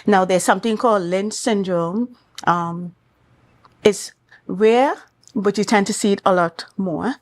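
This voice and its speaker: A woman with a Trinidad and Tobago accent, a doctor speaking as a guest on a morning talk show, explaining things in a measured, clinical way. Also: medium pitch.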